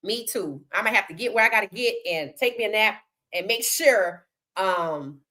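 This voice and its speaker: A woman's voice: mid-range voice, lively intonation, moderate pace, sharp tone. A woman hosting a casual sports talk livestream, giving outspoken, colloquial opinions and greeting chat viewers. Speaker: podcast host.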